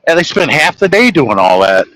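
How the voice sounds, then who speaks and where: A man's voice: fairly high pitch, sing-song, moderate pace, a bit bright, low-quality recording. A middle-aged man vlogging from his truck, telling rambling, folksy stories and acting out quoted talk. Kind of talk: casual storytelling while driving.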